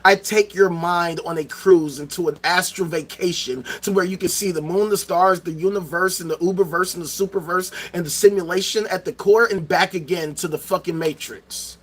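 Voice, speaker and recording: A middle-aged man talking to his viewers in a loud, profane, repetitive rant with plenty of rhetorical questions. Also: sits high, steady tone, normal speed, few pauses. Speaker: streamer. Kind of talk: ranting livestream monologue.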